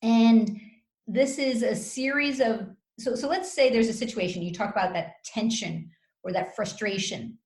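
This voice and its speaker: Roomy-sounding woman coaching, measured. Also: on the high side. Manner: measured, instructive, acts out calm example phrases. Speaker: communication coach. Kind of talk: interview, giving advice. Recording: roomy echo.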